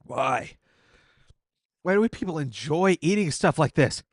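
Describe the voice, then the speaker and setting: Sweating, teary and groaning, this male gaming content creator keeps commenting on his game while eating painfully spicy wings, exasperated and talking through the pain in casual gameplay commentary. His voice sits on the high side and is expressive, at a measured pace. It's studio quality with no echo.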